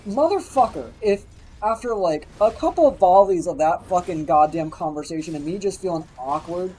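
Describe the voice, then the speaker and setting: In a husky, high-sitting voice at normal speed, a man tells a wandering story on stream. It's animated and full of swearing and quoted voices, and the audio is poor.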